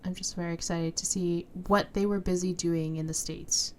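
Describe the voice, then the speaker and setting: Woman, reaction video host, casual chat, excitable, fillers, desktop mic. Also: fairly low pitch, normal speed, a little hiss or hum. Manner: chatty and excitable, with laughs and fillers.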